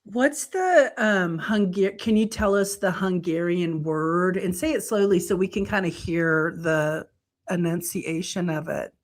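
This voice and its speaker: A woman hosting a podcast talks unhurriedly, drawing out her words. Her voice sits a little low, and her manner is easygoing and encouraging as she fills in ideas with her guest. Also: a little slow. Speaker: podcast host. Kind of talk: conversational interview.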